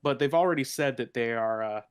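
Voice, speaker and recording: Man, gaming podcast panelist, casual chat, chatty, frequent restarts, middle pitch. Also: fairly quick, smooth. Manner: chatty, laughs often, many restarts.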